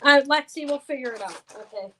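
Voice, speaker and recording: A woman's voice: high-pitched, fairly quick, a bit bright, slight background noise, poor audio. A tired, stressed woman hosting a live jewelry sale, talking in a flustered, apologetic way with many stumbling restarts. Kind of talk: live-stream sales chat.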